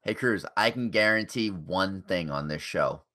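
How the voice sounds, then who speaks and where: A man's voice: deep voice, measured pace, bright, forceful tone. A man co-hosting a casual podcast chat, sarcastic and swearing freely. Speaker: podcast co-host.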